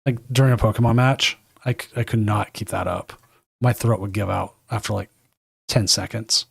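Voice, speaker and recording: Speaking at a moderate pace, this man has a low, gravelly, husky voice captured in clean studio audio without room sound. As stream host, he casts a live card game tournament from a home desk, rambling loosely and fixing his own slips.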